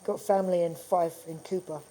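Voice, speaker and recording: Laughing, swearing man with a mellow voice. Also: high voice, fairly even intonation, a little fast, low-quality recording. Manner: chatty storyteller, swears freely, laughs often. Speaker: actor guest. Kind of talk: casual chat. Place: tattoo studio.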